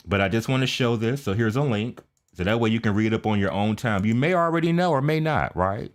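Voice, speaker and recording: A man casually chatting with his viewers as he hosts a live reaction stream, loose and friendly with plenty of fillers. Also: fairly low pitch.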